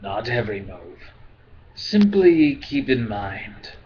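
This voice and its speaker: A man reading aloud, voicing a cold, patient, skeletal alien manipulator in a quiet, slow, measured voice. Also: mid-range voice, sing-song, highs cut off, slight background noise. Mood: calm.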